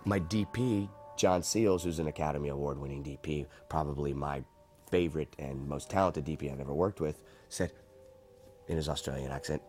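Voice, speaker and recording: A man, an actor, telling lively anecdotes from a film shoot in an interview. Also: a bass voice, fairly quick, faint music behind. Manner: animated storyteller acting out voices.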